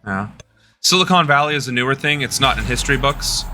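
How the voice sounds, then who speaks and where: Playing a game on stream, a young American political streamer chats loosely and jokingly with his viewers. His mid-range voice has lively intonation and a brisk, bright, forceful tone, and faint music plays behind him.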